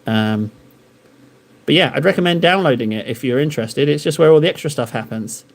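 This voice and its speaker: A man's voice: a little high, fairly quick, creaky. A man streaming live while painting miniatures, chatting casually and joking in a rambling, self-deprecating way with his viewers. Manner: rambling, joking banter with chat.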